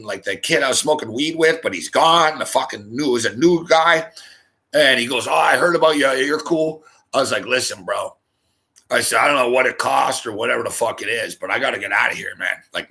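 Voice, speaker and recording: Brief: middle-aged Canadian male host, bright forceful voice, profane storytelling rant. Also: medium pitch. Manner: animated, swears constantly, laughs mid-story.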